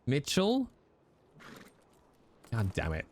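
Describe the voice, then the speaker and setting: A man's voice: on the low side, wildly swooping pitch, a little slow, gravelly, pauses often, darkish tone. A man, chatting casually with viewers on a live stream, jokey and teasing, with the odd swear.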